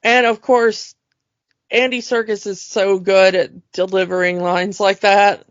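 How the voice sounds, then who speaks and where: Slow-talking woman co-host, casual chat. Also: medium pitch, little pitch movement, no echo. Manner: chatty retelling with many fillers and laughs. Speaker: podcast co-host. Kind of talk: casual chat about a film. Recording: dull lo-fi dry sound.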